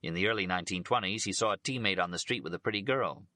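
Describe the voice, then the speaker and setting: A man narrating a biography audiobook in a steady, unhurried reading voice. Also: low voice, dry recording.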